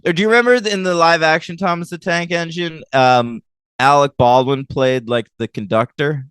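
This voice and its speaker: A man's voice: fairly high pitch, steady tone, moderate pace, a bit bright, clear, resonant tone, dry recording. A man co-hosting a film podcast, chatting casually and animatedly, swearing and laughing often. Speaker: podcast co-host. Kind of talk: casual chat.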